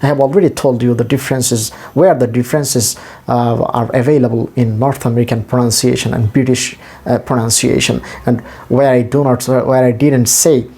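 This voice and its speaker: A man's voice: mid-range voice, fairly even intonation, normal speed, hardly any pauses, dark tone, breathy edge. A man teaching English pronunciation, spelling out letters and sounds step by step and repeating each word for learners. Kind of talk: pronunciation lesson.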